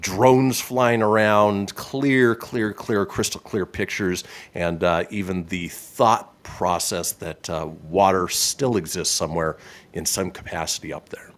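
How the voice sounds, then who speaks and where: A man's voice: deep voice, a little slow. A man hosting a radio show in casual banter, reading history items and laughing often. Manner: lively, laughs often, loud segment openers.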